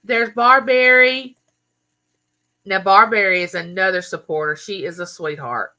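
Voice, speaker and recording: A woman's voice: fairly low pitch, a little fast, bright, forceful tone. A woman with a Southern US accent, from Mississippi, hosting a casual live chat and chattily greeting viewers by name. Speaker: livestream host.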